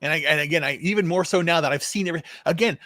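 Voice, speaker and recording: A man's voice: on the high side, very fast, pushed and bright, dry recording, clean studio sound. A man hosting a casual political chat show, rambling with frequent restarts and repeated words, and swearing now and then. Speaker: show host.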